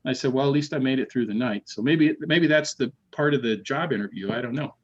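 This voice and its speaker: A man's voice: medium pitch, a little fast. Man telling ghost stories, slightly muffled. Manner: animated, repeats words, acts out quoted voices. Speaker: podcast guest. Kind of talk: casual storytelling.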